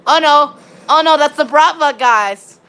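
A woman giving excitable, rambling live commentary on her gameplay while chatting with viewers. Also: high-pitched, measured pace. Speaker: game streamer.

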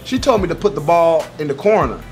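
A young man telling a story about an old job in an animated, profane, exaggerated way for his vlog. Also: fairly high pitch, fast, soft background music. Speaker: YouTuber.

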